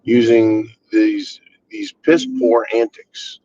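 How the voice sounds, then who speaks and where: A man's voice: mid-range voice, wildly swooping pitch, takes it slowly, dark tone, lo-fi sound. A man hosting his own channel, ranting bluntly and with exasperation, swearing freely. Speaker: channel host. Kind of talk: casual political rant.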